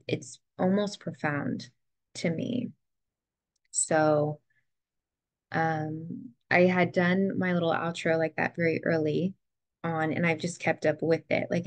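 A young woman talking to the camera in a reflective personal vlog, soft and heartfelt, near tears at times. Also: lowish voice, gravelly, dry recording. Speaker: vlogger. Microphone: ring light setup, camera close to face.

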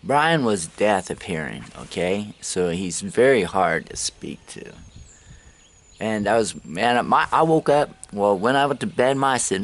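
Speaking to the camera while traveling, this man tells loose, rambling stories with lots of swearing and laughs at his own anecdotes. His lowish voice is animated and his pace measured.

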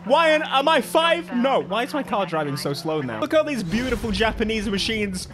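A young British man giving excitable, joking gameplay commentary with frequent laughter. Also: sits high, a little fast. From Britain. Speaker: gaming YouTuber. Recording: music from the game behind.

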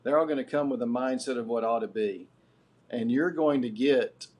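A middle-aged man lectures a live class with a husky, slightly rough voice. He builds each point deliberately and earnestly, teaching at an even, middle pitch. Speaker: guest lecturer.

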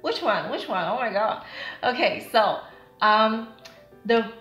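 Slow-talking Taiwanese woman teaching. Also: on the high side, expressive, a bit bright, roomy sound, muffled recording, faint music behind. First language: Mandarin Chinese. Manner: chatty, demonstrates words slowly and repeats them. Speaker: Mandarin teacher. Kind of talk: casual video lesson.

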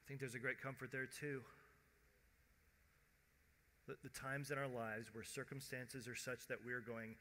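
A man preaching a sermon as pastor, conversational, acting out quoted voices and dropping to a hush at tender moments. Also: mid-range voice, level tone, unhurried, pauses often. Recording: long church hall reverb.

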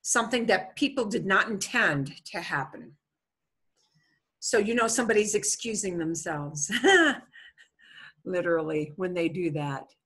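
A middle-aged woman leads an online Spanish class, talking through points in a chatty, explanatory way with plenty of fillers. Her voice is bright and a little husky. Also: lowish voice, a little slow, pauses often. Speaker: Spanish teacher.

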